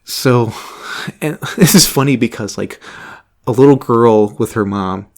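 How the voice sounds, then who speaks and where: A young man casually telling a story about a job, animated, laughing often and swearing freely. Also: mid-range voice, measured pace. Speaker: vlogger.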